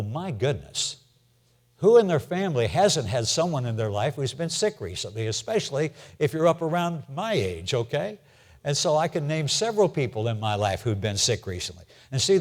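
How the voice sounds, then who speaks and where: An older man teaching a Bible class in a church, speaking plainly, asking the room questions and repeating his key points. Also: mid-range voice. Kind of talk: conversational Bible lesson.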